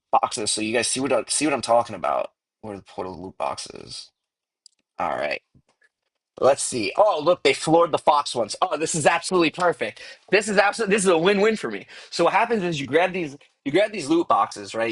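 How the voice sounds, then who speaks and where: A man chatting on a casual livestream, loose and slangy, tossing in "bro" and "like" constantly. His voice is mid-pitched and comes through earbuds. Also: husky. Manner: slangy, rambling, says bro a lot. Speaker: livestream host. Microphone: earbuds mic.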